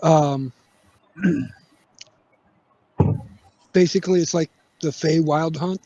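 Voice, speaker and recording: Slow-talking man on a muffled mic. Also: fairly high pitch, fairly even intonation, mellow. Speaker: player. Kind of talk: casual chat at a game table.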